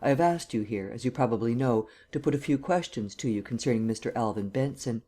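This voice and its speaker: A man's voice: mid-range voice, a little fast, mellow, lightly acted. A man voicing a stern district attorney who questions in a level, cold, formal way. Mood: cold, probing.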